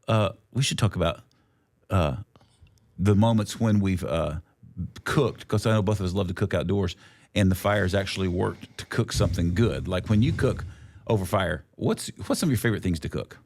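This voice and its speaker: A man's voice: low-pitched, normal speed, darkish tone. A middle-aged man co-hosting a podcast, chatty and encouraging, laughing easily. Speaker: podcast co-host. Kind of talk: casual chat.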